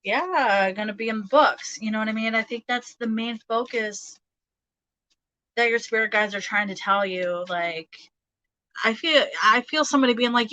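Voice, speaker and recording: A woman's voice: on the high side, moderate pace, sharp tone, no room sound, rough recording. A woman giving a casual tarot reading, chatty, with many fillers and frequent laughter. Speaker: tarot reader.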